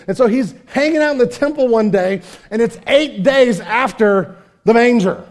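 A man preaching a casual, energetic sermon, full of slang and asides, sometimes dropping to a hushed tone. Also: very high voice, moderate pace. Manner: drops to hushed intimate tone. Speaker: pastor.

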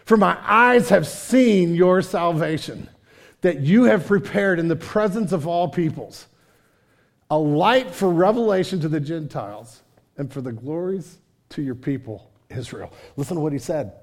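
Man, high voice, pastor, casual lively preaching, hushed asides. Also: a little slow. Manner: energetic, conversational preaching with slang; drops to hushed intimate tone. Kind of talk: sermon.

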